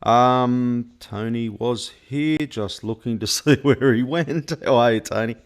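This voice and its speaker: A man's voice: mid-range voice, measured pace. An Australian man hosting a football podcast in loose, sweary, laughing chatter. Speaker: podcast host. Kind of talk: casual football podcast chat.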